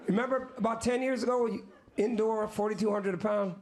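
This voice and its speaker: A man in his fifties, a musician appearing as a guest, speaks briskly with a voice that sits high. He tells an audience a story on stage in casual slang, animatedly acting out other people's words in quotes.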